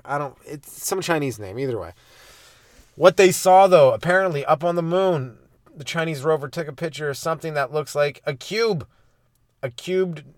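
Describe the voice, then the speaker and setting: A young man from Canada hosting a comedy podcast alone from a parked car, ranting in a rambling, sarcastic, self-mocking way and swearing freely. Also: medium pitch. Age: young adult. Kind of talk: solo comedic rant. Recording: dry close sound in a car.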